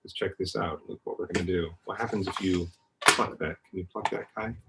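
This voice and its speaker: With background noise behind him, a low-pitched university professor speaks fairly quickly and evenly while walking children through a science demo at home. He's patient, singing notes and producing vocal sounds to illustrate how things work.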